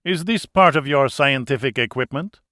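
A man's voice: medium pitch, moderate pace, pushed and bright, no echo, studio quality, lightly acted. Sneering French gangster boss, as a man puts him on. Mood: contemptuous. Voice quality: sneering, mocking. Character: cold, contemptuous French criminal boss man.

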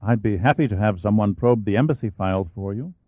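A man's voice: on the low side, fast talker, no echo, lightly acted. A man voicing a polite, reserved British naval lieutenant with a British accent, courteous and clipped. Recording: dry, tinny phone-like sound.

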